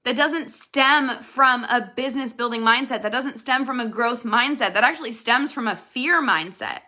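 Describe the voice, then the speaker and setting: A woman's voice: on the high side, normal speed, sharp tone. A woman giving an earnest, direct motivational talk to her network marketing team, speaking straight to her viewers. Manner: earnest, direct, addresses viewers as "you guys". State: emotional, near tears at times.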